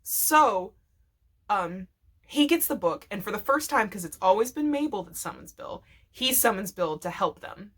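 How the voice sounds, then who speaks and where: A woman's voice: mid-range voice, lively intonation, moderate pace, a bit bright. A woman vlogger casually telling a rambling, profanity-laced story, laughing often as she goes.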